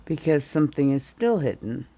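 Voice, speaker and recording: Her voice sits low, warm and sing-song at a normal pace as this tarot reader works through the spread. She's a bit under the weather with morning grogginess, drifting casually from card to card while narrating.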